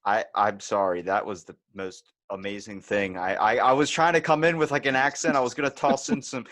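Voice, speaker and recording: A man's voice: fairly low pitch, steady tone, fairly quick, a bit bright, dry recording. A man hosting a podcast, talking in loose, run-on sentences. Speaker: podcast host. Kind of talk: casual interview chat.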